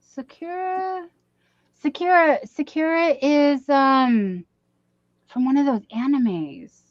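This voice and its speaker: Unboxing gifts on a casual livestream, this woman gushes, gasps, and exclaims with excitement. Her high-pitched voice takes its time, coming through a webcam or desk mic as dull, dry stream audio without any room sound.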